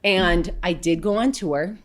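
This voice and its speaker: A woman from upstate New York, a podcast guest telling stories in an animated way and acting out the voices of others with big swings in pitch and loudness. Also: measured pace. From upstate New York, USA. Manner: lively, acts out quotes with big jumps in pitch and volume. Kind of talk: animated storytelling in a podcast interview.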